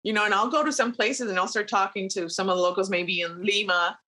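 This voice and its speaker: A woman airline captain, a podcast guest, telling a personal story in a relaxed conversational way with many fillers. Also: mid-range voice, fast. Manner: animated retelling with frequent fillers and laughs.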